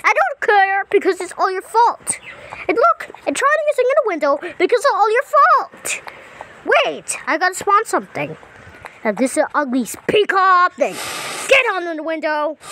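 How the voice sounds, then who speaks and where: Super high lively voice, woman narrating her game, excitable, keeps repeating herself and yelling at characters. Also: moderate pace, slight background noise, rough recording. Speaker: gameplay channel host. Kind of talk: playful gameplay commentary.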